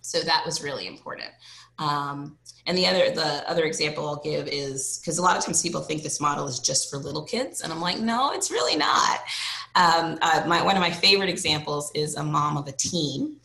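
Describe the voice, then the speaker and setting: A woman psychologist speaking as an interview guest, with a low, gravelly voice and a forceful, bright edge. She tells stories with energy and slips into acting out the people in them. The sound is echoey, as if recorded in a roomy space. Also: brisk. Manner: lively storyteller, often acts out quotes. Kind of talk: casual interview conversation.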